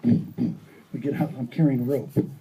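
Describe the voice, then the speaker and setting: A man giving an art talk, telling stories in a rambling, animated way and acting out dialogue. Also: mid-range voice, a little slow, very noisy. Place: gallery or hall.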